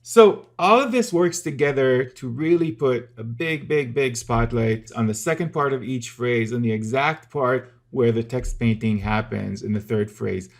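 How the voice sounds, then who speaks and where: A man's voice: medium pitch, a little slow, hardly any pauses. A man teaching music theory in a casual, methodical video lesson, explaining step by step with the odd filler.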